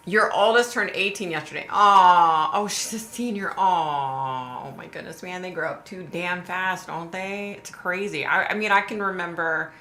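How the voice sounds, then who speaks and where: A woman's voice: lowish voice, bright, forceful tone. A middle-aged woman, hosting a casual livestream and chatting sympathetically with viewers she greets by name. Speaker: livestream host. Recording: echoey room with faint noise.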